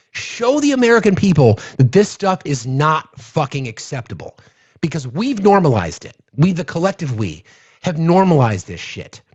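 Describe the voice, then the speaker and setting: Man, political livestream host, husky voice, lively swinging pitch, profane and heated, dull lo-fi audio. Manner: profane, heated, repeats himself. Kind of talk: angry political rant on a livestream.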